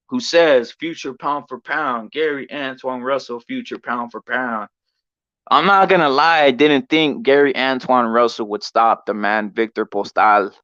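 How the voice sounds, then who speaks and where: A male boxing show host with a voice pitched a little above most men's. He talks in a loose, profane, rambling way and keeps checking in with "right?" The recording is dull and lo-fi, with a dry, close sound. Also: fairly bright tone, dry recording. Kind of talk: casual storytelling.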